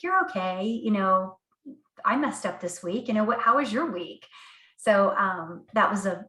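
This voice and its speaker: A woman author telling stories in an interview, animated, with frequent laughs and fillers. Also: mid-range voice. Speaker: author guest. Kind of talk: casual storytelling interview. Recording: echoey room.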